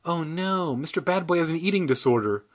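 A man's voice: fairly high pitch, expressive, fairly quick. A man reading a children's book aloud and breaking off into crude, irreverent comic asides. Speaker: comedic reader. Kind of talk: comedic book reading with riffs. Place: San Diego.

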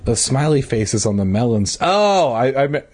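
Husky man doing a comic book reading. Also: mid-range voice, very animated, moderate pace, darkish tone. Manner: adds crude asides and mock corrections. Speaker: reader and comedian. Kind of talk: comedic reading of a children's book.

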